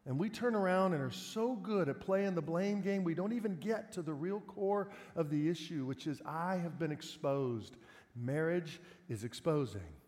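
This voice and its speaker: A man's voice: sits high, expressive, normal speed, few pauses, a little mellow. A male pastor preaching a sermon in a conversational way, asking his listeners rhetorical questions. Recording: long hall reverb.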